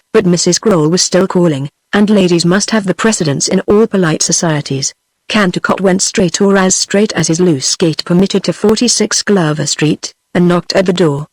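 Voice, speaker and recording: A text-to-speech woman's voice with a British English accent, narrating an audiobook in an even, machine-made way. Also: on the low side, moderate pace, dry recording.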